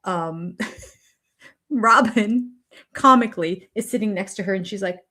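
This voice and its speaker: Older woman, reaction host, mid-pitched voice, chatty and opinionated with rambling asides. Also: slow pace, bright, forceful tone. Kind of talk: casual reaction commentary.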